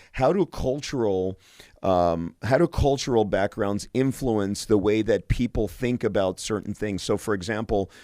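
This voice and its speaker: A man's voice: fairly low pitch, mellow, dry recording, studio quality. A male physician hosting a radio show, talking enthusiastically on his own, often restarting and repeating words. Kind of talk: solo radio talk.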